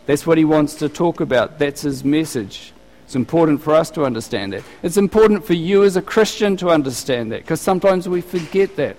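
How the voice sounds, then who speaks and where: Man, middle-aged pastor, sermon, chatty rhetorical questions, fairly high voice, long hall reverb. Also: animated, brisk, a little mellow. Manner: conversational preaching with rhetorical questions.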